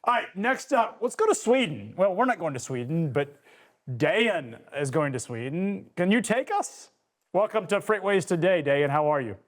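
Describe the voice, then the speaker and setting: Male host, casual chat, higher-pitched, stumbles and repeats words when starting sentences. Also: very animated, moderate pace. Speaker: show host.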